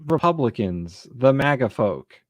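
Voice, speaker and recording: A man's voice: mid-range voice, sing-song, measured pace. A man co-hosting a political chat, explaining his points and repeating phrases for emphasis. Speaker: co-host.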